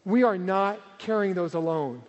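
Guy preaching in a big echoey church, high voice, earnest and emphatic. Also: moderate pace, a little mellow, muffled recording. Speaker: pastor. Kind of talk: sermon. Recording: reverberant hall.

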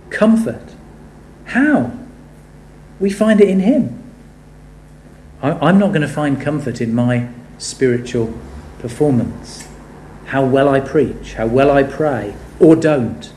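A man preaching a sermon, animated and building to emphatic rhetorical questions. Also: on the high side, slow pace, long pauses, slight background noise. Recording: echoey room.

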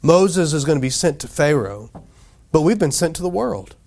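A pastor preaching a sermon in a casual, conversational way, often asking the congregation questions and acting out quoted voices. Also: male voice, fairly high pitch, sing-song, normal speed, vocal fry, a little mellow.

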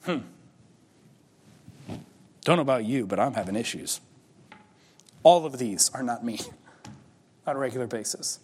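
A man's voice: medium pitch, animated, unhurried, pauses often, darkish tone, breathy edge, in a large hall. A man preaching a sermon as pastor, talking conversationally and building to emphatic peaks. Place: church sanctuary.

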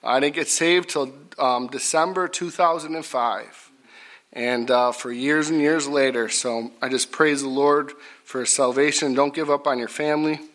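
A middle-aged man preaching a folksy sermon, repetitive and rising to loud emphatic bursts. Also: medium pitch, fairly even intonation, moderate pace.

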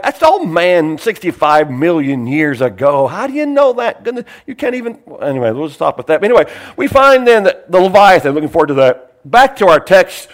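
Older male pastor, high-pitched, folksy and digressive in the pulpit. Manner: folksy, digressive, laughs while preaching. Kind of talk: sermon.

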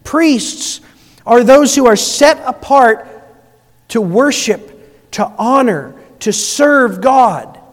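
High-voiced male pastor preaching in a reverberant hall. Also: animated, slow pace. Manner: swings between soft, low passages and rising, emphatic appeals. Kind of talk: sermon.

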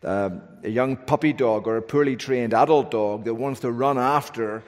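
A man delivers a sermon with earnest emphasis, restarting phrases and adding asides as he goes. His voice has a mid-range pitch. It carries a long reverb, as if spoken in a church sanctuary. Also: normal speed, darkish tone. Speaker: preacher.

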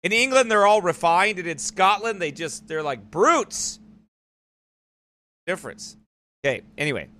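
Man, church livestream host, fairly high and forceful voice, rambling casual talk. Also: animated, unhurried, pauses often. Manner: rambling, digressive. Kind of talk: casual live-stream commentary.

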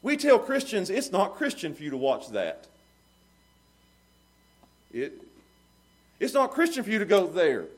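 A man preaching a sermon with animated delivery, swinging between loud emphasis and low, quiet passages, laughing often as he talks. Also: a little slow, pauses often, husky.

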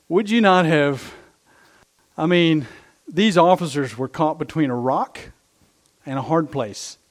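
A man's voice: fairly high pitch, takes it slowly, pauses often. A middle-aged male pastor preaching a sermon, impassioned and emphatic, repeating his phrases for effect.

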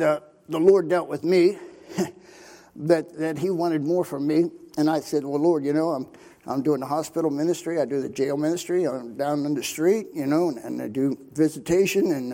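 Gravelly older man telling his testimony. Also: on the high side, normal speed, warm tone. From Pennsylvania. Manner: folksy storytelling with many fillers. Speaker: missionary preacher. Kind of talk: sermon testimony.

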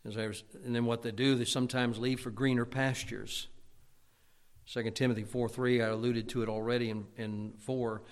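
Loud preacher in echoing church. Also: male voice, mid-range voice, little pitch movement, normal speed. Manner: loud, emphatic preaching with stammered restarts. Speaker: pastor. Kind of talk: fiery sermon. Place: church sanctuary. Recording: long church reverb.

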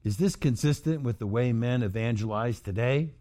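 A man preaching a sermon as pastor, moving from quiet, low passages to shouted, emphatic outbursts. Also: moderate pace.

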